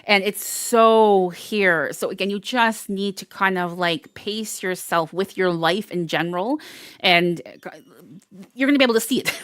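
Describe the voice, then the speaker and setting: A woman's voice: mid-range voice, no echo. Chatty lady doing a tarot reading, rambly, dry close mic. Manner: chatty, rambling, frequent laughs and restarts. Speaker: tarot reader. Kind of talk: casual intuitive tarot reading.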